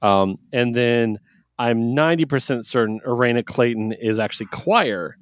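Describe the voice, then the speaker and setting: A man co-hosting a casual podcast, talking about comics with excitement and frequent laughs. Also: medium pitch, moderate pace, no room sound, studio quality. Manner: excited, laughs often, acts out quotes. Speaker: podcast co-host reviewing comics. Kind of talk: casual chat.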